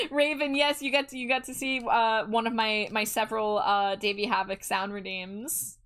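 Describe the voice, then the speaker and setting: A woman hosts a live stream, drawing while chatting casually with viewers and reading their messages aloud. Her fairly high, fairly bright voice keeps a fairly even intonation at a normal pace, and she comes across bubbly and giggly.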